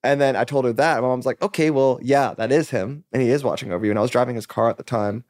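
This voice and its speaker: Man, musician guest, rapid rambling storytelling, lots of fillers, mid-pitched. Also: a little mellow, dry recording, studio quality. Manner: rambling, filler-heavy, acts out quoted dialogue. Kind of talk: casual storytelling interview.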